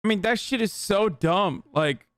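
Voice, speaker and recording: A young man with a fairly high, clean, smooth voice talks over a clip, cursing freely and mocking what he sees. The sound is dry and close, with no room around him. His tone stays sarcastic and exasperated throughout. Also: measured pace, no room sound. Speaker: streamer reacting to a TV show. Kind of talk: casual reaction commentary.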